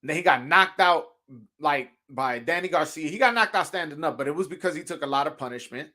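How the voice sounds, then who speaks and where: A high-pitched man hosts a boxing talk show, his voice bright and forceful. He talks loosely and animatedly, swearing freely and laughing between points, with plenty of false starts and repeats. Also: brisk. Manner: animated, loose and profane, laughing often, many restarts. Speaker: podcast host.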